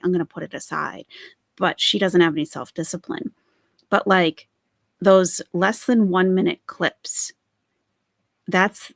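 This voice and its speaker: A woman's voice: on the low side, gravelly, no echo, studio quality. A woman hosting a live stream, commenting on a clip and chatting with viewers in their comments. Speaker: commentary channel host.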